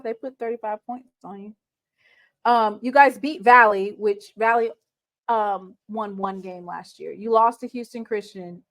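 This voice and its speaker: A woman hosting a sports talk show, laying out a team's record and pressing a guest with pointed questions. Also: medium pitch. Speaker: host.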